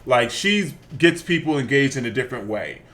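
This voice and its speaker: Man, podcast co-host, lively pitch, bright voice, casual storytelling. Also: moderate pace. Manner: animated, laughing storyteller with many restarts. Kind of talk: casual chat.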